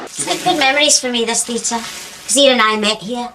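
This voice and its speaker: A woman's voice: on the high side, normal speed, very noisy. A woman who used to dance on stage, chatting fondly about the theatre. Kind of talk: interview reminiscing.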